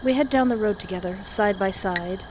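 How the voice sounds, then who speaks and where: This game streamer speaks at a moderate pace and medium pitch, reading a horror visual novel with commentary, laughing often and reacting with flair. There's a steady hiss behind her.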